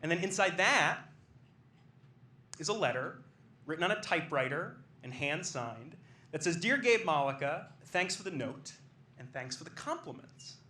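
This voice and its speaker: A young man tells a comic story live on a club stage, his voice high and swinging widely in pitch. His tone is bright and forward, and he rises into excited bursts. The room gives a noticeable echo, with faint noise underneath. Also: normal speed. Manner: animated, rising to excited bursts. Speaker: stand-up storyteller. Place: comedy club stage with audience.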